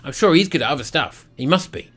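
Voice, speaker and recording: A man's voice: fairly high pitch, expressive, quick pace, a bit bright. A man casually reviewing football kits, blunt and sarcastic with lots of swearing. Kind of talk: casual rating vlog.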